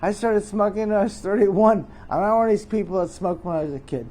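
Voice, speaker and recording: A man's voice: high voice, quick pace, dark tone. A middle-aged man hosts a joking mock interview, rambling and teasing with chuckling asides. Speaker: host.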